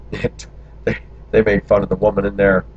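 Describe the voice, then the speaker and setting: A man's voice: on the low side, flat delivery, normal speed, slightly rough. A man from the United States telling personal memories in a candid monologue, talking through them in long run-on stretches. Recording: dull lo-fi recording.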